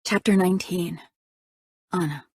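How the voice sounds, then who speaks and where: A woman's voice: on the low side, measured pace, slightly rough, dry recording, clean studio sound. A woman narrating a first-person audiobook in a reflective, conversational reading.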